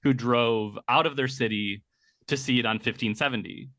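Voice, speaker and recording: A man with a middle-pitched voice hosts an interview, laying out long, carefully built questions. His voice sounds dry and close, with no room around it. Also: normal speed, a bit bright, no echo. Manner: articulate, long detailed questions. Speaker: interviewer host.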